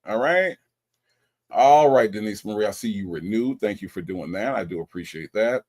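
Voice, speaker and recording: A man's voice: fairly low pitch, lively intonation, normal speed, darkish tone. Man, livestream host, casual chat, joking, stumbles and repeats words. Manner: chatty, joking, often stumbles and repeats himself.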